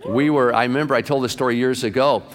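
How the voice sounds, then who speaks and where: A middle-aged pastor tells his stories in a chatty, folksy way, his voice at an ordinary middle pitch. He sounds like he is preaching in a church sanctuary. A long hall reverb rings after his words. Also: fairly even intonation, quick pace. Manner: folksy, chatty, peppered with "man". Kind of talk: storytelling sermon.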